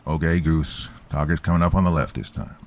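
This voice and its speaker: A man voicing an eager young male sailor shouting enthusiastically on a patrol boat. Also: very deep voice, a little fast. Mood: excited.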